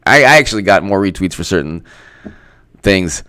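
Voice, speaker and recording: A male political commentator speaks off the cuff in a sarcastic, mocking tone and breaks into laughter often. His voice is smooth and resonant, and his pitch rises and falls a great deal. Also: animated, moderate pace, sharp tone, no room sound.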